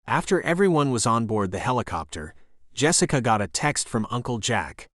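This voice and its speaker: Steady male audiobook narrator, dry sound. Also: mid-range voice, normal speed, no room sound. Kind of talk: scripted thriller narration.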